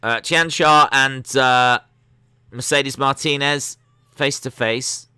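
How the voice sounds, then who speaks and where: A man's voice: mid-range voice, steady tone, slow pace, bright, forceful tone, smooth, dry recording. A young man hosting a live stream watch-along, giving chatty, sarcastic, opinionated commentary.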